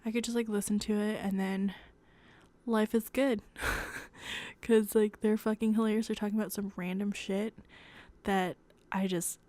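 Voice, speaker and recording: A young woman talks at home late at night in a hushed, half-whispered voice, as if trying not to wake someone. She chats casually as a podcast host, rambling, giggling and catching her own slips. Her voice sits at an ordinary middle pitch. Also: flat delivery, a little slow, no room sound. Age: young adult. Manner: rambling, giggly, self-correcting.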